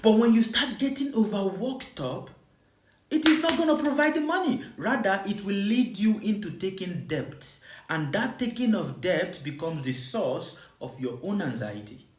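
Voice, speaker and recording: The voice sits at medium pitch with big pitch swings and normal speed, heard in an echoey room. It belongs to a spiritual teacher giving a live teaching who keeps repeating points and rhetorically asking listeners whether they understand, preaching emphatically and repetitively.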